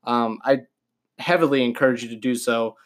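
A man's voice: mid-range voice, normal speed. A young man hosting a casual podcast, rambling loosely and laughing often between thoughts. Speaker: podcast host.

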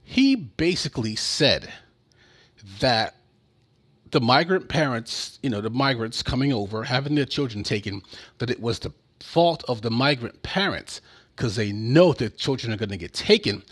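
Man, blunt and sarcastic ranting, casual commentary, mid-pitched voice, profane. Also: expressive, normal speed, a bit bright, slightly rough. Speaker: political commentator.

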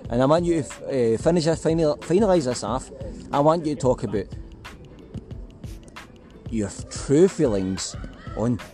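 Teasing podcast host. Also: male voice, mid-range voice, expressive, normal speed, long pauses, dark tone, faint music behind. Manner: teasing, crude, timekeeping. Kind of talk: casual podcast chat.

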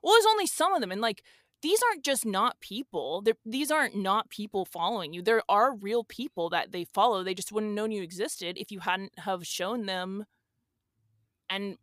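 A woman's voice: mid-range voice, lively intonation, normal speed, dry recording, studio quality, natural voice. A woman playing a young, rich, airheaded male influencer who talks in a slangy, rambling, defensive drawl as a guest on a comedy podcast. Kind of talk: improvised comedy podcast sketch.

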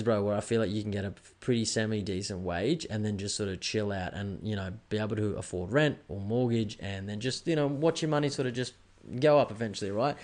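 A young adult Australian man hosts a casual solo podcast in a slightly low voice. He is candid and sweary and keeps tossing in "right?" to check in with listeners. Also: fairly quick, darkish tone. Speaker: podcast host.

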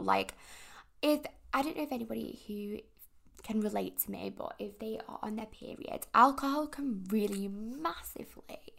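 Gravelly-voiced woman chatting. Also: fairly high pitch. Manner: chatty and rambling, many fillers and asides. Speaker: podcast host. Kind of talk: casual confessional chat.

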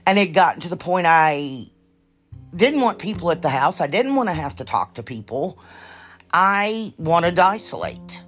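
A woman hosting her own podcast in casual chat, blunt and profane, a little nervous and halting. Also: on the low side, very animated, soft background music. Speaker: podcast host.

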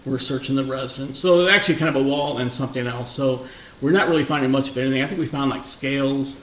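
A man, a former undercover narcotics officer, telling anecdotes in a relaxed, storytelling interview manner. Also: medium pitch, quick pace. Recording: echoey room, distant mic, faint noise.

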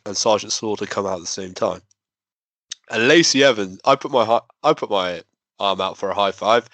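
A man's voice: lowish voice, fairly bright tone, dry recording. A man telling a rambling, self-deprecating story in a casual chat. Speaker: podcast co-host.

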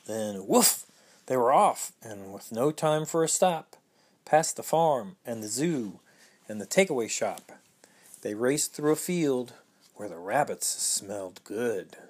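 Rhyming picture-book reader, unhurried and very lively in pitch. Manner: sing-song, expressive. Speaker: storyteller. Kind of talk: rhyming storybook read-aloud.

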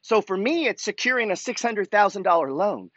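A man with a fairly high voice delivers a pushy, profanity-laced motivational rant as a show host. The sound is dry and slightly dull. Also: big pitch swings, fairly quick, a bit bright, no room sound. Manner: swears constantly, pushy, fired-up. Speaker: host reading follower emails.

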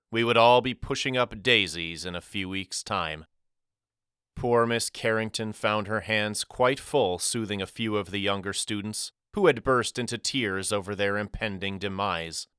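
A man narrating a first-person audiobook story in a wry, measured storytelling manner. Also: fairly low pitch, sharp tone, clean tone, no room sound, studio quality.

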